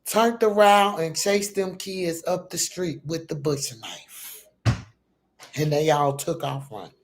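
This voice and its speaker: A middle-aged mother tells her story at a slow, drawn-out pace. She is emphatic and profane, and keeps turning to her viewers with "y'all" as she talks. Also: low voice.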